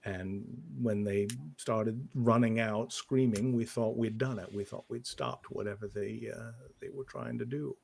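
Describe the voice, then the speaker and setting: A guilt-ridden occult investigator, played by a man at a tabletop game, recalling his ordeal with a low, gravelly rasp. He stumbles through each sentence, stopping and restarting in a halting way. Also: fairly even intonation, darkish tone. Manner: halting, hesitant storytelling. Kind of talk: in-character tabletop role-play.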